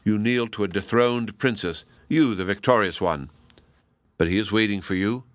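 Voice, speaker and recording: A man reading the lines of a proud, queenly woman, bitter and scornful, in a measured, stately way. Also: lowish voice, no room sound, lightly acted.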